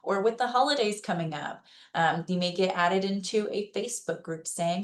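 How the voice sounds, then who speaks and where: A woman's voice: mid-range voice, normal speed. A woman giving an informal educational presentation in a conversational way. She gives practical advice in plain, reassuring words and keeps checking in with her listeners. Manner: conversational, checks in with listeners by asking "okay?" and "right?". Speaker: presenter at a senior-services webinar.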